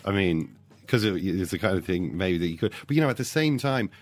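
An Irish man hosting a sports podcast, talking in a mock-solemn, deadpan way. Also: deep voice, fairly quick. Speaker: podcast host. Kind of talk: deadpan mock-serious chat.

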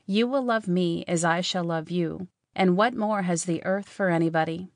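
A woman doing a calm, grave young ghost man. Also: lowish voice, normal speed, dry recording, clean studio sound, natural voice.

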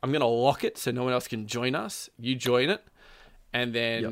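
A man's voice: medium pitch, moderate pace, a bit bright, no echo, studio quality. A man casually telling a long story about a game, rambling with plenty of fillers and quoted lines. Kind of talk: casual chat.

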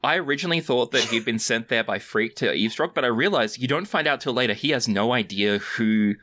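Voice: medium pitch, fairly quick, fairly bright tone. A podcast guest chatting casually about a movie, animatedly describing outfits and scenes.

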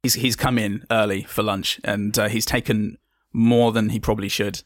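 A man narrating a scene in a tabletop role-play, halting and full of fillers. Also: lowish voice, little pitch movement, dry recording, studio quality. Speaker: player.

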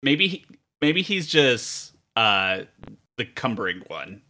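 A man's voice: medium pitch, very animated, slow pace, pushed and bright. A man who runs the game on a podcast, reading setting text and explaining plans in casual chat, laughing often and using many fillers. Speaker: game master and podcast co-host.

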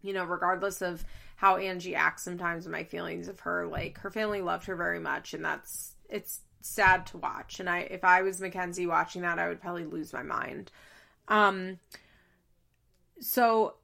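A woman's voice: on the low side, steady tone, normal speed, vocal fry, sharp tone. A woman chatting casually as she recaps a reality show. She swears freely, laughs often and says "like" a lot.

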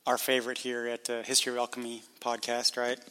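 A man's voice: medium pitch, monotone, fast talker, pushed and bright, clean tone, in a large hall. A man co-hosting a casual history podcast, explaining at length with frequent restarts. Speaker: podcast co-host.

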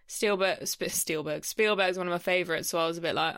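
Woman, casual podcast chat, slightly low voice, dry sound. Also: a bit bright, no echo. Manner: chatty, swears casually, quick asides. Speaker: podcast co-host. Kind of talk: casual film review chat.

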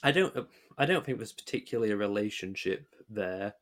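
A man's voice: fairly low pitch, expressive, brisk, a bit bright. A man co-hosting a podcast, chatting casually and working through his thoughts with frequent hesitations and restarts. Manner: hesitant, many restarts, rambling analysis. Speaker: podcast co-host. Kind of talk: casual chat.

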